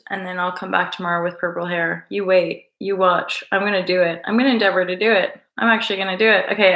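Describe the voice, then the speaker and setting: A woman chats loosely to her live viewers, rambling and teasing with an affectionate, playful lilt. Her voice sits in the middle of the range and comes across bright and forceful. The sound carries a roomy echo. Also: mid-range voice. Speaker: livestream host. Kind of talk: casual live-stream chat with viewers.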